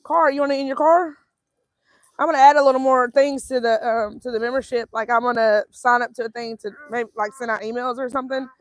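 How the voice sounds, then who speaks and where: A woman's voice: fairly high pitch, fairly even intonation, brisk, no echo. A woman hosting a casual outdoor livestream, chatting in a matter-of-fact way and reading viewer comments aloud. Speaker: host of a homesteading livestream. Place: outdoors by a fire.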